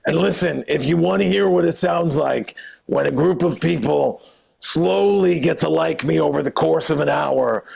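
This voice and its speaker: A man wraps up his stand-up set with dry, self-mocking jokes. His voice is strongly gravelly and husky, sitting a bit high. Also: moderate pace, a little mellow, rough recording. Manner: self-deprecating, wry. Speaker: stand-up comic. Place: comedy club stage.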